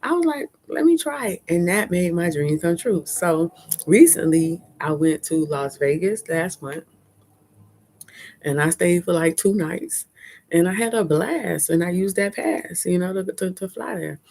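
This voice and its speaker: A chatty woman talks candidly to her live-stream viewers. Her voice sits low for a woman, and she laughs often as she goes. She is recorded outdoors on a phone held at arm's length. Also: unhurried, creaky, a little mellow. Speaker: vlogger hosting a live stream. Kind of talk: casual live-stream chat. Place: outdoors at a fair.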